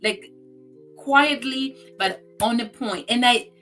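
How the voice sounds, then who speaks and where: This woman speaks slowly in a fairly high, slightly bright voice, with faint music behind her. She's a talk show guest sharing personal stories in a heartfelt, emphatic way, chatting casually and voicing her friend's comments as quotes.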